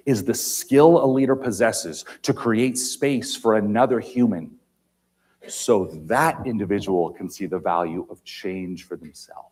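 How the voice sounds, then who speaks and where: Husky man giving an emphatic stage talk. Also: lowish voice, measured pace. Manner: emphatic, dramatic shifts between loud and quiet. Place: large auditorium.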